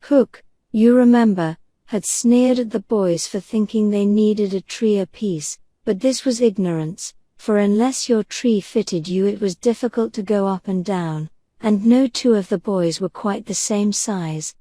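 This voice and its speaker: Soft-spoken woman reading a bedtime story. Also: mid-range voice, no echo. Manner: gentle, unhurried, soothing. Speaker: audiobook narrator.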